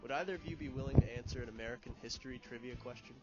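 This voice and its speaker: A man's voice: mid-range voice, very fast, highs cut off, over music. A young man and student host who runs a joking campus quiz, outdoors on a college campus, with dry self-mocking humor. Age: young adult.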